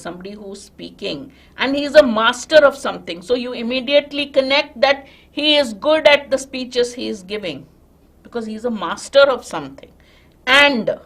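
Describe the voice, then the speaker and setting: Indian woman teaching vocabulary. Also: a little high. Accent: Indian English. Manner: explains step by step, checks in with students. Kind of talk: live online class.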